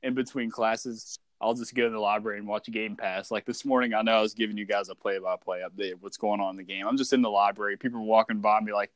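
A man's voice: on the low side, fairly even intonation, fast, hardly any pauses, no room sound. Young guy shooting the breeze, cusses a lot, stumbles over words, laughs, dry close sound. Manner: profane, repeats himself, laughs often. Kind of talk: casual chat.

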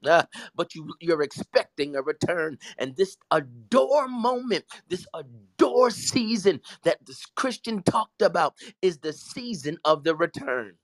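A man's voice: fairly high pitch, very animated, unhurried, no room sound, low-quality recording. A man, a pastor preaching fervently, breaking into tongues and stammering repeats as he builds. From Southern US. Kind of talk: fervent preaching on a talk show.

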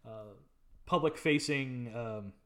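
A man's voice: medium pitch, measured pace, a bit bright. A man co-hosting a film review podcast, eagerly recapping the plot with many "uh"s and "um"s. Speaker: podcast co-host. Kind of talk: casual film review chat.

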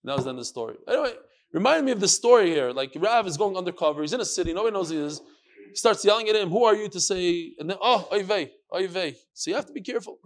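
Guy giving a talmud class, lively storyteller, slightly high voice. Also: racing. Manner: lively, sprinkles in Hebrew and Yiddish terms. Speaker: Talmud teacher. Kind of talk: animated storytelling lesson.

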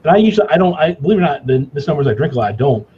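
A middle-aged man on a casual talk show, spinning animated, self-mocking anecdotes in a slightly raised voice. The sound is a bit dull, with a faint hiss underneath. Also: a little high, very fast. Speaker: cigar company guest. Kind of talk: casual storytelling chat.

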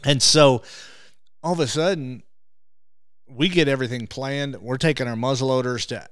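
A man who hosts a hunting show, telling stories as an interview guest. He gets animated and restarts his words when excited. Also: mid-range voice, moderate pace, clean tone, no echo, clean studio sound. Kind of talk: animated storytelling.

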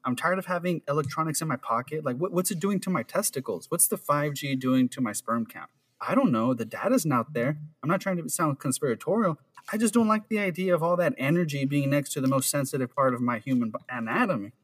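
A man's voice: a little high, lively intonation, fast talker, slightly rough. A young man co-hosting a podcast, chatting loosely and rambling, with lots of "like" and "man". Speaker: podcast co-host. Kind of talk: casual chat.

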